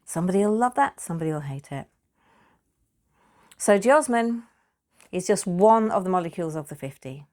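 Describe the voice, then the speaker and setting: A British woman with a slightly low voice talks chattily about perfume ingredients. She laughs a lot, and her words tumble and repeat when she gets enthusiastic. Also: animated, moderate pace, pauses often, warm tone. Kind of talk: casual talk on perfume materials.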